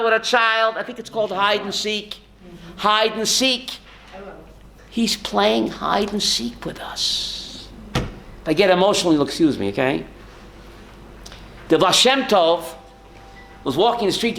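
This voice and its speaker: Animated high-voiced rabbi teaching a class. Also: male voice, creaky. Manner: animated, calls on listeners by name, rhetorical questions. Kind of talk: Torah class to a live audience.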